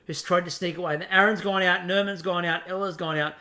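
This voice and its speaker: A man's voice: high voice, fast. An Australian man co-hosting a podcast, recapping a TV episode in casual chat and acting out what people said. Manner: animated storytelling, acting out quotes. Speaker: podcast co-host.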